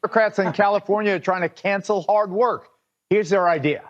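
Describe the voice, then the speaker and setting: A man with a notably high voice hosts a televised panel. He sets up the story with punchy, sarcastic framing. The sound is dull and lo-fi, like a replayed TV clip. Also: brisk. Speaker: TV panel host. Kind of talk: broadcast panel commentary.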